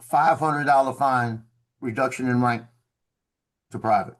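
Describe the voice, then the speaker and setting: A man's voice: medium pitch, a little slow. Man with a drawl telling a story. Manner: animated, acts out quoted officers. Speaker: former Marine telling a story. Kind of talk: casual storytelling on a video call. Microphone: video call.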